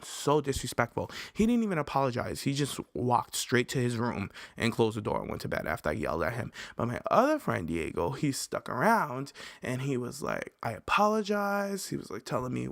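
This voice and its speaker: Young male podcast host, mid-pitched, dry close sound, telling a profane, lively story with big jumps in pitch. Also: brisk, gravelly, no echo. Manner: animated, swearing, pitch jumps high for quoted yelling. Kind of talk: casual storytelling.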